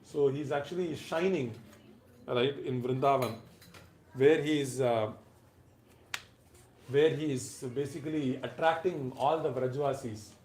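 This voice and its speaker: A man's voice: medium pitch, a little slow, long pauses. Emphatic male speaker in an echoey room. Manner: emphatic, rising and falling between loud and soft phrases; briefly chants verses. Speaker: lecturer. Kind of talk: devotional lecture.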